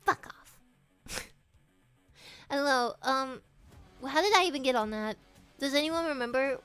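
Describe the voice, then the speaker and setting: A young woman's high, girlish voice chats freely with her stream audience. She giggles through her answers, swears often and reads viewer questions back aloud. Soft music plays faintly underneath. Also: expressive, a little slow, pauses often, clean tone. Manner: giggly and profane, reading chat questions aloud. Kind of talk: casual live-stream chat.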